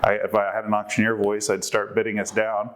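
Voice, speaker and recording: A man's voice: lowish voice, monotone, fairly quick, a bit bright. A man presenting a workshop to a live group, quizzing the audience and working through numbers aloud.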